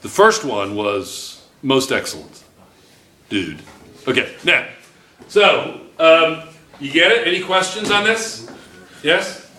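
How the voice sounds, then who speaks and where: A male chemistry teacher talks his class through problems in a loose, joking way, always checking in with them. His voice is bright and forward, and it echoes around a roomy classroom. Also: on the high side, sing-song, takes it slowly, pauses often, a little hiss or hum. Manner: chatty, joking, checks in constantly with "right?". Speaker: high school chemistry teacher. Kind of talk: classroom lecture.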